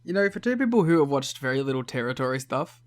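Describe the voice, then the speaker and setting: A man co-hosting a podcast, chatting casually and cracking jokes in quick reactions. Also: medium pitch, very animated. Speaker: podcast co-host.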